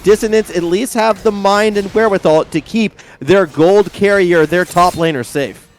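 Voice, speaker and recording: A man with an Australian accent doing lively play-by-play commentary on an esports match, chatty and joking. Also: sits high, normal speed, soft background music. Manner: animated, chatty, jokey asides. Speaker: esports caster.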